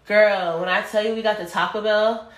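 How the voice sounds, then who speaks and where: A woman in casual chat, telling a story in an animated, slangy way. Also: medium pitch, moderate pace. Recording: echoey room with faint noise.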